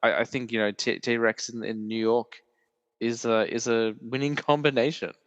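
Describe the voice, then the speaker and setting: A man's voice: medium pitch, little pitch movement, normal speed, muffled recording. Guy hosting a movie podcast, rambly, says like a lot, dry close mic but a long echo tail. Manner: rambling, lots of "like" fillers, laughs often. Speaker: podcast host. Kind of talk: casual chat.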